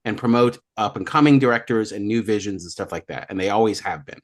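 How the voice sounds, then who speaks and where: A man's voice: on the low side, quick pace. A man co-hosting a movie podcast, chatting casually and rambling through his points. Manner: rambling, many fillers and restarts. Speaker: podcast co-host. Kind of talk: casual chat.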